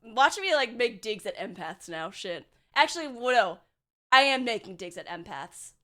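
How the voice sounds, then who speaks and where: A woman's voice: a little high, big pitch swings, normal speed, fairly bright tone. A young woman streaming as a VTuber, chatting casually and bluntly with her chat, swearing and sarcastic, full of filler words.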